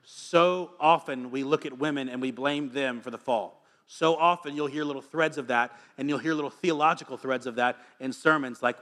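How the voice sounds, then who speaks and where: A man in his thirties gives a lively sermon, his voice bright and pushing forward. He mixes scripture reading with teasing stories and asides. His pitch sits in a middling range for a man. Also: moderate pace, few pauses. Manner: energetic, joking, reads scripture aloud. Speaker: pastor.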